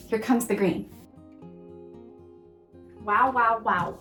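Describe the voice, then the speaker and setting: A woman hosting a casual crafting tutorial, gushing and excitable, often exclaiming over her work. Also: sits high, unhurried, long pauses, echoey room, faint music behind. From Pacific Northwest of the US. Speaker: crafting channel host.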